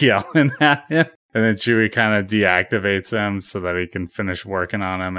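A man's voice: fairly low pitch, a bit bright, smooth, no echo. A man casually recapping a film scene by scene, dropping wry, joking asides as he goes.

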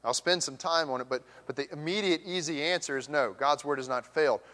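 A man preaching a sermon as pastor, swinging from emphatic raised questions to hushed near-whispers. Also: on the high side, brisk. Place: church sanctuary. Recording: long church hall reverb.

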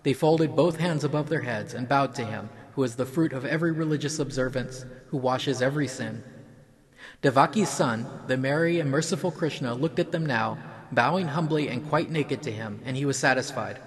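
A man narrates a mythological story in an even, measured storyteller voice at a middling pitch. A crowd murmurs steadily behind him. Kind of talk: reading a mythological story aloud.

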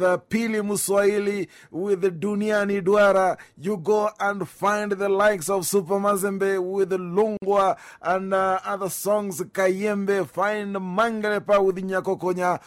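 A high-pitched Kenyan man hosts a music radio show, chatting casually, sprinkling in Swahili phrases and reading out greetings and requests from listeners.

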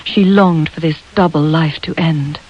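A woman narrating a storybook in a measured, expressive way. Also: sits low, lo-fi sound, slight background noise. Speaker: audiobook narrator.

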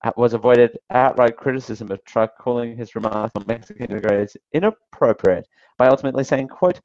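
A male radio host talks through political news in a loose, sarcastic way, with a gravelly edge to his voice. The sound is dry and a little dull, like a lo-fi broadcast feed. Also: mid-range voice, fairly even intonation, brisk, darkish tone, dry recording. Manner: wry, sarcastic asides with chuckles. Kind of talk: casual political commentary.

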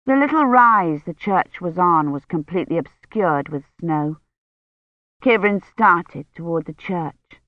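A woman reading a novel aloud as scripted narration, in a measured storytelling manner. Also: lowish voice, animated, no echo. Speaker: audiobook reader. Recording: tinny phone-like dry sound.

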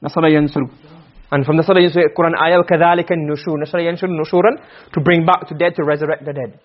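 A man teaching Arabic grammar to a class, asking questions and answering them himself, and reciting verses slowly. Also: fairly high pitch, steady tone, lo-fi sound. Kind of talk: classroom lecture.

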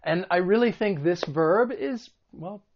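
A man's voice: high-pitched, unhurried, a little hiss or hum. A man with a slightly raised voice teaches English vocabulary in an online video lesson. He explains each word patiently with examples. The recording is a touch muffled and dull.

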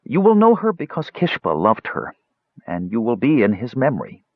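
A man's voice: mid-range voice, wildly swooping pitch, normal speed, husky, no echo, pitched above the performer's own voice, exaggerated voice. A man voicing an earnest, secretive male dwarf juggler who speaks cryptically, on a dull lo-fi recording.

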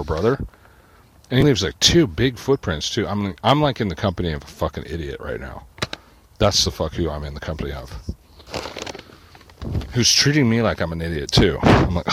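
A man's voice: deep voice, very animated, normal speed, pauses often, a bit bright, slight background noise. A man delivering an agitated, profane ranting monologue, swearing constantly and muttering to himself.

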